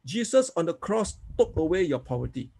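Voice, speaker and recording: Male preacher, fairly high voice with some huskiness, repetitive teaching style that leads the crowd in prayer. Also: big pitch swings, a little fast, creaky, mellow. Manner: repetitive, coaxing, frequent "okay?"; leads congregation in spoken prayers. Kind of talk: teaching sermon.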